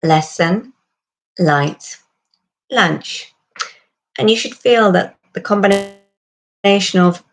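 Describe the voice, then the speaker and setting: A woman giving a pronunciation lesson, calmly explaining and slowly modelling sounds for the listener to repeat. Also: lowish voice. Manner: calm, instructive, models sounds slowly for repetition. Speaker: accent coach.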